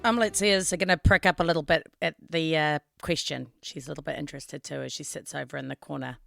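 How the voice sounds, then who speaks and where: A woman's voice: low voice, fairly even intonation, quick pace, gravelly, fairly bright tone, faint music behind. A woman playing a tabletop game, describing her character's actions chattily with filler ums. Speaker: player.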